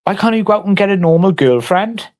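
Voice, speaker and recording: A man's voice: high-pitched, lively intonation, fast talker, darkish tone. A man on a casual livestream, taunting and mock-threatening someone in crude, heavily sworn banter.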